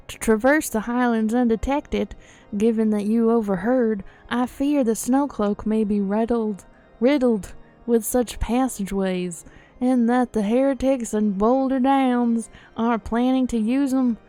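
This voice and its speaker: A woman voicing a stern, formal noble knight commander from a fantasy game, words slightly slurred together, with soft music behind. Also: on the high side, close to an everyday voice.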